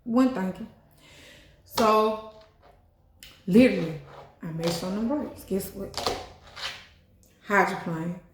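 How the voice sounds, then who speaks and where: A woman's voice: mid-range voice, slow, pauses often, a little hiss or hum. Lady telling her story, chatty and cussing, mid-range voice, roomy echo. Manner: chatty and animated, swears, fills with "you know what I'm saying". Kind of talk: casual storytime. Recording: echoey room.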